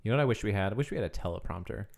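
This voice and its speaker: A man co-hosting a podcast in casual banter, excitable and full of questions. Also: lowish voice, very fast, vocal fry, crowd noise. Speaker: podcast co-host.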